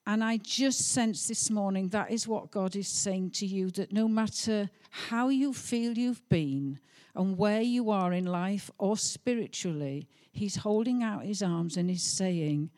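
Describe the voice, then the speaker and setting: A woman's voice: mid-range voice, measured pace, a little mellow. A middle-aged woman telling a heartfelt testimony story during a sermon, with some hesitations. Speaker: pastor's wife.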